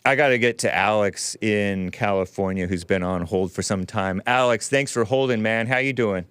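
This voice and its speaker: A man's voice: lowish voice, moderate pace, a bit bright, smooth, no room sound. A man hosting a call-in show, chatting loosely with callers and laughing often. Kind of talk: casual call-in talk.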